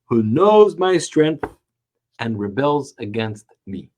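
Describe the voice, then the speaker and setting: A man's voice: mid-range voice, very animated, slow pace, heavy background noise. A man putting on a proclaiming heavenly voice. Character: booming heavenly voice from on high.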